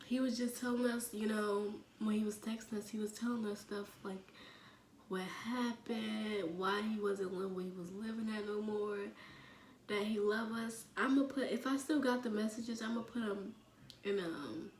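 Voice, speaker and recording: A young woman from the telling a personal story in a halting way, full of fillers, often sinking almost to a whisper. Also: mid-range voice, fairly even intonation, distant mic. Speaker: vlogger. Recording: echoey room with faint ambient noise.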